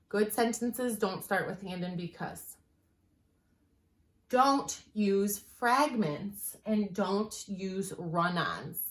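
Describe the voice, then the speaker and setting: A woman teacher giving a writing lesson, explaining clearly and patiently and slowing down to stress her examples. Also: medium pitch, fairly bright tone. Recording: echoey room.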